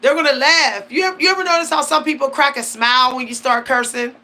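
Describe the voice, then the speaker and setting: A woman's voice: high-pitched, fast talker, sharp tone. A woman hosting her channel, talking casually and emphatically about spiritual matters, slangy and laughing often. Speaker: channel host. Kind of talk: casual spiritual talk to camera.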